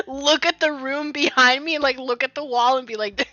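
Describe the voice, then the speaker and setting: A woman's voice: high voice, drawn-out words, sharp tone, no echo. A young woman streaming from home, talking to her chat at her computer and reading a game aloud. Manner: talks straight to chat, reads game text aloud. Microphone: desk mic at a computer. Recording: dull lo-fi dry mic, faint music.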